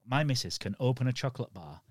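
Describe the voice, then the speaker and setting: A man's voice: mid-range voice, expressive, fast, dry recording, studio quality. A man with a Yorkshire accent, a podcast guest telling stories in casual conversation, blunt and sweary.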